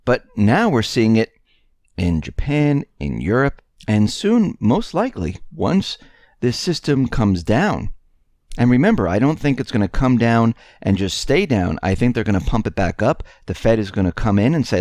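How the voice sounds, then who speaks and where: A man's voice: mid-range voice, sing-song, normal speed, a little mellow, dry recording, clean studio sound. A man hosting an economic news show, delivering an emphatic monologue about a coming collapse, with rhetorical questions. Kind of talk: solo scripted-feel commentary monologue.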